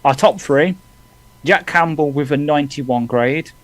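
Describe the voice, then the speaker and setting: A man's voice: a little high, low-quality recording. Man rattling off football stats. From England. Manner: quick, reads stats off in bursts. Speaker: podcast co-host. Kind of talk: casual live sports chat.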